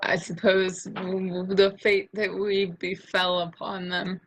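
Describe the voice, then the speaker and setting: A woman's voice: mid-range voice, level tone, slow, husky, low-quality recording. A woman speaking as a player in a tabletop game, hesitant and stumbling over her words. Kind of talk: casual tabletop play.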